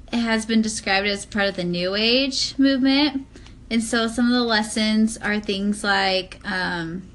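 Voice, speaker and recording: A woman's voice: medium pitch, fairly bright tone. A woman co-hosting a casual chat podcast, reading from notes and chatting with frequent "like" fillers. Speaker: podcast co-host.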